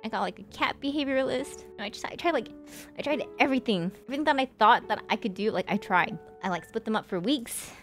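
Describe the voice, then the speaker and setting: A woman's voice: on the high side, lively intonation, fast, fairly bright tone, faint music behind. A young woman streamer chatting casually with her viewers and telling a sad personal story, with lots of "like" fillers. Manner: chatty, many fillers like "like", emotional.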